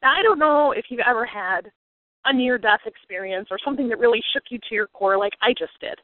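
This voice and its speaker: A woman with a fairly high voice tells a personal story in an earnest, reflective way and turns it into a motivational lesson. The sound is thin and phone-like. It is dry, with no room around it. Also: expressive, brisk, no echo. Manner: earnest, reflective, grows emotional. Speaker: speaker on a coaching call. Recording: tinny phone-like line, dry.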